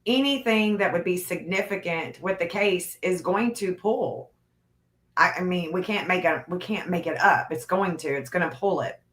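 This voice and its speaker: A woman co-hosting a live stream, explaining in a halting way with many restarts and repeated words. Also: on the low side, a bit bright, roomy sound. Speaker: co-host who maps cases. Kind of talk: casual live-stream chat.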